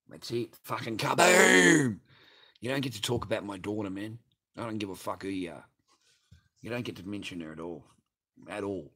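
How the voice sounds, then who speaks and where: A man's voice: deep voice, normal speed, pauses often. A man hosting a livestream and reading viewer chat, talking in a profane, rambling, blunt way. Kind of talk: casual livestream rant.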